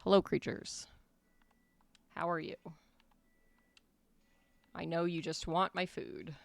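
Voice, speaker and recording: A woman's voice: on the low side, fairly even intonation, slow pace, creaky, dry recording. A woman streaming a game from home, talking casually with dry, wry asides. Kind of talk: casual gameplay commentary. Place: at home with her dog.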